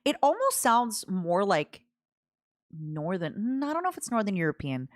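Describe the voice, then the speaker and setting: A woman's voice: a little high, sing-song, a little fast, dry recording, studio quality. A young woman streaming a game, chatting and giggling in a playful, casual way. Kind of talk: casual gameplay commentary.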